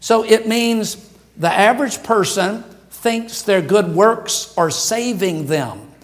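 A man's voice: sits high, slow pace. A male pastor preaching a sermon to his congregation, conversational and jokey, chuckling at his own asides. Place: church sanctuary.

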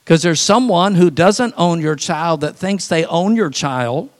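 High-voiced man preaching with folksy humor. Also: measured pace. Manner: animated storytelling, drops to quiet and soft for emphasis; folksy and humorous, laughs at his own stories. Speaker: pastor. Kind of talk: sermon.

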